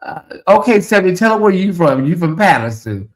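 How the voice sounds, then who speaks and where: A man's voice: high-pitched, very animated, fairly quick. A man hosting a casual late-night livestream in a chatty, drawling way, reading viewer comments aloud and talking to the audience as "y'all". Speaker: livestream host.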